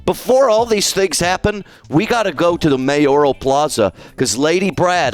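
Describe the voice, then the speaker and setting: A man streaming live, chatting casually and jokily with his chat. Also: on the high side. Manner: playful, jokey, talks to chat.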